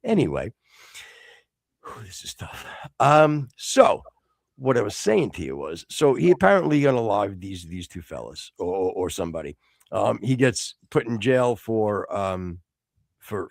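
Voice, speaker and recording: A man's voice: fairly low pitch, dry recording, clean studio sound. A middle-aged American man hosting a casual live-stream talk show, rambling with stammered restarts and bursts of mock exasperation. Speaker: podcast host.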